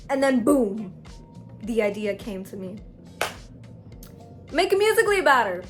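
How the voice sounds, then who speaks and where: A young woman tells a story-time tale in slangy, animated talk, jumping between hushed asides and loud outbursts. Her voice sits a bit high, with soft music faintly underneath. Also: moderate pace. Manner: slangy, animated, dramatic swings in loudness. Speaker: vlogger.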